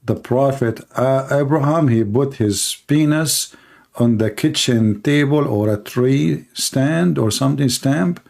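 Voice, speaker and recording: A man hosting a live-streamed call-in debate, talking in a mocking, sarcastic way and laughing at his callers, with halting restarts. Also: mid-range voice, vocal fry, a little mellow.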